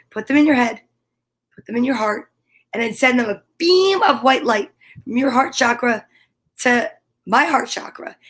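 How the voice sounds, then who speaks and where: Bubbly woman cheering on her viewers. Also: a little high. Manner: warm encouraging, gushing, talks straight to viewers. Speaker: story time host. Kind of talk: upbeat video chat to viewers. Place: home room by a window. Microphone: camera with ring light.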